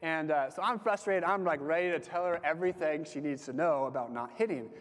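A high-voiced young man preaches in a hall at a fairly quick pace, with long reverb in the recording. As a campus ministry speaker, he gives a casual sermon with personal stories, sounding conversational, saying "like" often, and going soft at the ends of phrases.

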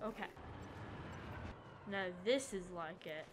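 A woman giving excitable let's-play commentary, yelping and chatting to the characters in her game. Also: on the high side, unhurried, very noisy. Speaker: gamer.

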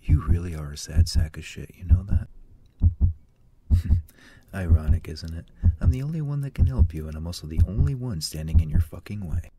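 A man's voice: deep voice, expressive, normal speed, mellow, breathy edge, full character voice. An actor playing an anxious man whose inner voice mocks him bitterly and swears at him, in a short film voice-over. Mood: mocking. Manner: mocking, bitter, swearing self-talk. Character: anxious man taunted by his own inner critic.

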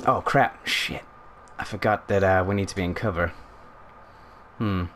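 In this casual gaming commentary, a let's play host at home talks through his game in a chatty, flustered way, frequently saying sorry as his dog barks nearby. He has a deep, slightly bright voice with a steady tone at normal speed, and there's slight background noise.

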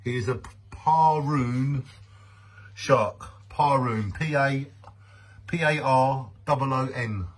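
Husky man, playful mock-grand vlogger. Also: mid-range voice, unhurried, a bit bright. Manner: mock-grand, sing-song, hums a theme tune. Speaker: vlogger showing his fish tank. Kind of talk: playful home video commentary.

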